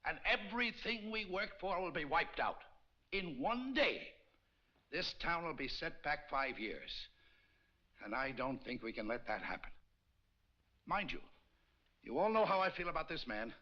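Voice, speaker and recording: A persuasive town leader. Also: male voice, fairly high pitch, big pitch swings, a little slow, pauses often, bright, forceful tone, heavily acted. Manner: earnest, persuasive speechmaking. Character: persuasive middle-aged man leading a town meeting. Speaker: chairman of a town meeting. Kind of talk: 1950s film acting. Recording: dull old film soundtrack.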